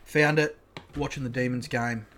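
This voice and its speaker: A man's voice: mid-range voice, fairly even intonation, normal speed, a bit bright, slight background noise. Blunt Australian man telling a story. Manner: blunt, profane, laid-back storyteller. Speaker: podcast host. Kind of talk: casual chat and storytelling.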